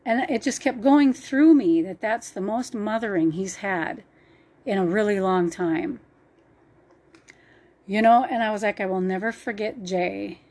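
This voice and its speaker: A woman's voice: mid-range voice, unhurried, long pauses, a little mellow. A woman telling a personal faith story in an earnest, emotional way. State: choked up at times.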